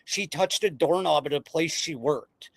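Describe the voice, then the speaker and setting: A man hosting a casual podcast chat, excitable and rambling, often breaking into laughter. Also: fairly high pitch, a little slow, gravelly, crowd noise. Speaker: podcast host.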